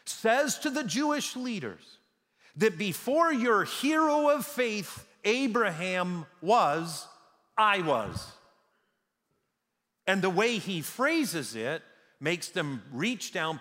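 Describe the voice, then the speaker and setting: A male pastor preaches with slow, deliberate pacing and a lively, rising-and-falling delivery. His emphatic lines land in a large church sanctuary, where a long reverb trails every phrase. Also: sits high. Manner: emphatic, with dramatic slow pauses. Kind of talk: sermon.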